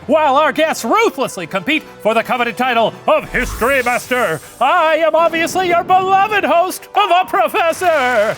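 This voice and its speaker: A man voicing a flamboyant male puppet professor who hosts a comedic history quiz in a theatrical, singsong way. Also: fairly bright tone. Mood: showy. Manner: theatrical and singsong, big swoops in pitch. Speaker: host playing a puppet professor. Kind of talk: comedic scripted history lesson.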